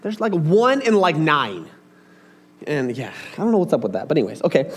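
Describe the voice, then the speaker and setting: This preacher's voice is fairly high and brisk with a breathy edge. His sermon is casual and animated, addressed straight to the congregation with asides and questions.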